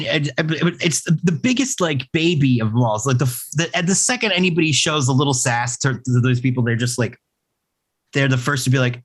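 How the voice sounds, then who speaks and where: A man hosting a casual podcast, mid-pitched and talking in a loose, rambling, jokey way. He stumbles through restarts and fillers as he spins his stories. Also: animated, fairly quick, slightly rough. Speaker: podcast host.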